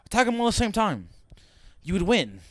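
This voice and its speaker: A man's voice: sits high, wildly swooping pitch, fairly quick, dry recording, studio quality. A young man giving casual reaction commentary, swearing and wisecracking as he rants. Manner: profane, wisecracking, ranting. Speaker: reaction video host.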